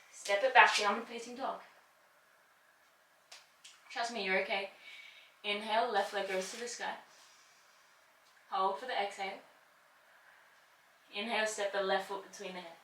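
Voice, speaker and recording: A yoga instructor with a medium-pitched, fairly bright voice guides a class, encouraging the listener while holding the poses herself, straining through the effort and laughing at it. The low-quality recording comes from a distance in an echoey room, with slight background noise.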